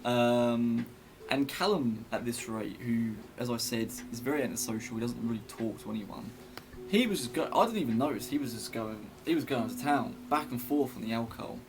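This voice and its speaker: A man's voice: medium pitch, normal speed. A young man telling a story in a casual vlog, rambling and chatty with many fillers and restarts.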